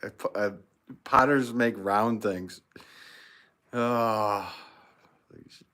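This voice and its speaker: On a casual pottery livestream, a man with an American accent speaks very slowly in a low, sharp-toned voice. He reads out viewer comments and keeps things jokey, with a chuckle coming often.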